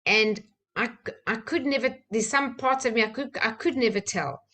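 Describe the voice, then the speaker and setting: A woman, a personal-development trainer from South Africa, telling a candid personal story with soft laughs and fillers. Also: a little high, moderate pace.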